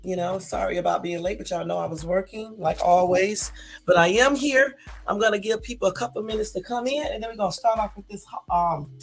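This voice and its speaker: Tired, breathy woman, rambling live-stream host talking to her viewers, faint music underneath. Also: mid-range voice, fairly quick. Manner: chatty, loose and rambling, addresses viewers as y'all. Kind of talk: casual live-stream chat.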